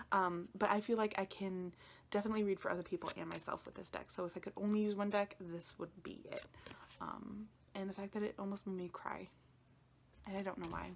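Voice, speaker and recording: A woman's voice: medium pitch, a little hiss or hum. A woman chatting casually to viewers in a vlog, emotional and close to tears, rambling and often dropping into a whisper. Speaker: tarot video creator.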